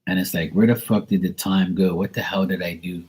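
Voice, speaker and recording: A man's voice: low voice, fairly even intonation, brisk, a little mellow, husky. A young man giving live tarot readings, chatting loosely and swearing casually while he reads messages to viewers. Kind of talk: casual livestream chat.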